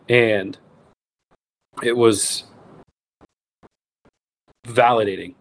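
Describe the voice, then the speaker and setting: A man in his thirties, a wild game cook and recipe writer, tells his story as a guest in a casual interview, voicing the people in it and restarting often. His voice sits on the low side, with fairly even intonation and a fairly quick pace.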